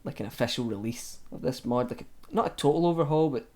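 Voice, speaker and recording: A man's voice: medium pitch, fast talker, warm tone. A man hosting a casual podcast, joking and swearing as he talks about games. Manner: swears, laughs and jokes crudely. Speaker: podcast host.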